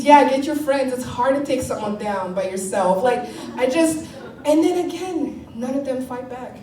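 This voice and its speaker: Woman, stand-up comic, fairly high voice, laughing, swearing, mocking, roomy sound, distant mic. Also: a little slow. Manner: animated, laughing often, swearing, mock-quoting people. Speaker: stand-up comedian. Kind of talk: stand-up comedy set.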